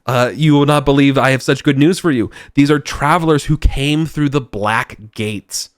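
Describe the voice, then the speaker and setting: A man's voice: medium pitch, normal speed, clear, resonant tone, no echo, clean studio sound, pitched above the performer's own voice, close to an everyday voice. A man voicing an eager, fawning male goblin servant who bows before his king in a tabletop game. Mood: gushing. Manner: gushing, eager.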